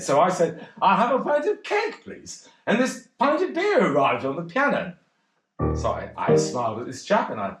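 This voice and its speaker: A man's voice: on the high side, a bit bright. An actor playing a bashful, rambling cocktail pianist in a one-man stage monologue, hesitant and self-deprecating. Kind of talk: theatrical monologue. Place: theatre stage. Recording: roomy theatre.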